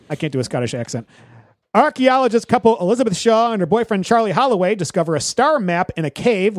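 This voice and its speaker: A man co-hosting a movie podcast, telling stories in an animated way and laughing often. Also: sits high, no echo, clean studio sound. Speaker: podcast co-host. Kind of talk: casual movie review chat.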